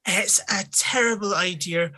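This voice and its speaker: Man voicing a prim hobbitess, tart scolding, high, piercing bright. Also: unhurried, heavily acted. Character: prim, bossy female hobbit cousin.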